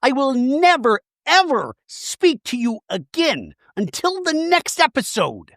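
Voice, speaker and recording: A man putting on the voice of a furious, dramatic woman in a high mocking impression. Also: very animated, slow, fairly bright tone, no room sound, studio quality, exaggerated voice. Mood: outraged.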